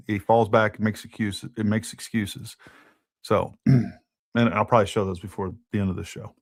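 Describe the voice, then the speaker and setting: A man hosts a live podcast, speaking straight to his viewers with heated, emphatic indignation. His voice sits a little low, and the sound is dry and close, with no room around it. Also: steady tone, normal speed, no room sound. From United States. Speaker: podcast host.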